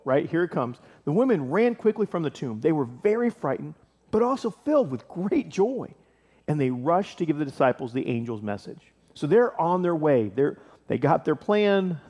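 A man preaching a casual, animated sermon, explaining scripture and acting out the characters with playful voices. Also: a little high, normal speed, in a large hall. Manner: animated, acts out biblical scenes with playful voices and laughs. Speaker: pastor.

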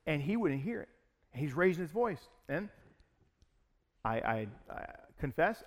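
Animated man telling a sermon story. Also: fairly high pitch, normal speed.

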